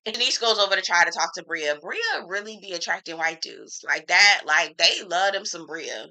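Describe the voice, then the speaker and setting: A woman recapping a reality show episode in a casual, opinionated way. Her voice is very bright and cutting, and she sits a little low in pitch. She speaks frankly and with plenty of attitude. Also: normal speed, creaky, hardly any pauses, poor audio. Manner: animated, opinionated, frank, slangy. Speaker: TV reviewer.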